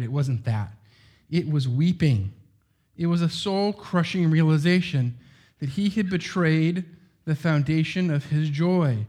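A man's voice: a little high, a little mellow. A middle-aged man preaching a sermon in a loose, conversational way, full of asides and rhetorical questions.

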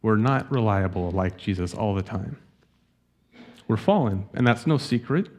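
A pastor with a lowish voice preaches a sermon, earnest and gentle, reading scripture slowly to his congregation.

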